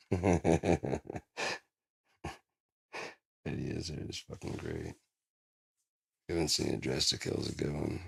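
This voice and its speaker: A man's voice: very deep voice, big pitch swings, slow, gravelly, pauses often, husky. A man vlogging in a rambling, profane, casual monologue, telling stories and putting on silly voices.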